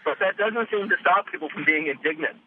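A man hosting a radio quiz show, chatting casually and animatedly about a trip. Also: fast. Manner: lively and animated, jumping up in pitch. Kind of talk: casual radio interview chat. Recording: tinny phone line with faint noise.

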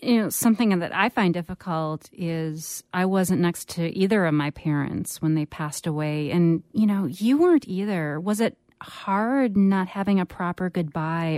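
A woman hosting a public radio call-in show, reading prompts calmly and clearly and interviewing a guest. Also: fairly low pitch, normal speed, dry recording. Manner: calm, clear, scripted prompts. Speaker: radio host.

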